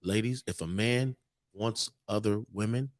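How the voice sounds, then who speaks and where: Unhurried and lowish in voice, this man co-hosts a podcast on location in a bar. He chats casually, dispensing slang-heavy relationship advice that's blunt and preachy.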